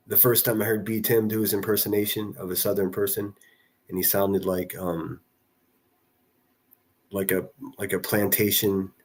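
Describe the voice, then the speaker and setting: A man's voice: lowish voice, a little mellow. Rambling man reading his livestream chat. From northern US city. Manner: rambling, reads chat aloud, frequent restarts. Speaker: livestream host. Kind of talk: casual livestream commentary.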